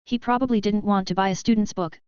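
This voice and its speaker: Weary, soft-spoken male wizard teacher in an audiobook , read by a woman, dry, slightly muffled sound. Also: mid-range voice, steady tone, fast talker, clean tone, no echo, close to an everyday voice. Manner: guarded, tired and soft-spoken. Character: weary, gentle male wizard professor, young but ailing.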